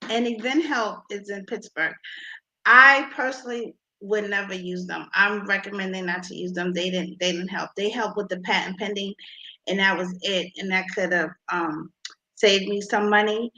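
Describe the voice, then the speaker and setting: A woman being interviewed about her invention, talking with many pauses and restarts. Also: medium pitch, fairly even intonation, sharp tone, poor audio. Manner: halting, many ums and restarts. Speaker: inventor guest.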